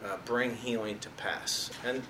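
A man's voice: medium pitch, steady tone, a little slow, pushed and bright. A man giving an informal Bible teaching in a conversational way, pressing hard on key words. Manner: conversational, stresses words, chuckles at own jokes. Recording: echoey room with faint noise.

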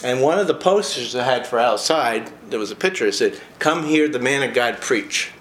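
A man's voice: mid-range voice, animated, normal speed, a bit bright. Chatty man reading aloud with asides. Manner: chatty, with frequent personal asides between read passages. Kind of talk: casual talk, reading a short biography aloud.

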